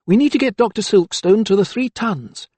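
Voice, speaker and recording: A man's voice: high-pitched, moderate pace, warm tone, slightly rough, no echo, voice pushed up. A frantic young noblewoman, as a male narrator puts her on, pleading in a raised, tearful voice well above his own. The storybook reading is close and dry. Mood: urgent.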